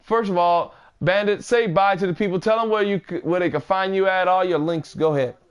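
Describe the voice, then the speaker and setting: Upbeat host with a fairly high voice. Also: male voice, a little fast, clean tone. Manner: repeats words, laughs often, hypes guests. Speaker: podcast host. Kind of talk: casual podcast chat.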